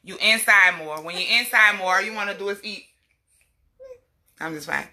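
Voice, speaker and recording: With a bright, pushed tone at medium pitch and normal speed, a young woman vlogging about health preaches self-worth to women over a casual livestream. Her delivery is fired up and emphatic, broken by sharp asides to her little girl.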